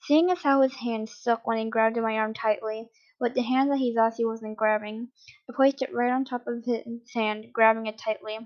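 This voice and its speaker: A woman's voice: a little high, steady tone, normal speed. Woman reading a story, muffled lo-fi audio. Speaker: story reader. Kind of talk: first-person fan fiction reading.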